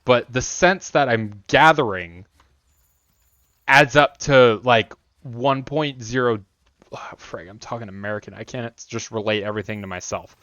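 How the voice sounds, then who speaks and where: A man chatting loosely with his stream while he plays, wandering from thought to thought with a joking, bantering tone. His pitch sits in an ordinary middle range. The audio is dull and a bit lo-fi. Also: measured pace, fairly bright tone, dry recording. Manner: rambling, joking, talks to chat and scolds the monster. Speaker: game streamer. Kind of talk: casual live-stream chat while playing.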